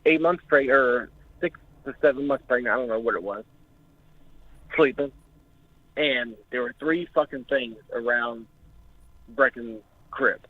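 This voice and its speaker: A man's voice: medium pitch, unhurried, pauses often. A young man calling in to a talk show, telling his story in an emotional, jittery way and swearing often. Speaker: caller. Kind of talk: recounting an experience on a call-in show. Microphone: phone. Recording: tinny phone line.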